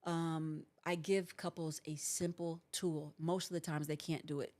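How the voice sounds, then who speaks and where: A woman's voice: low voice, little pitch movement, a little slow, darkish tone. A woman in her forties, a host and counselor, giving earnest relationship advice on a livestream and acting out what couples say. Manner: earnest, coaching, acts out couples' lines.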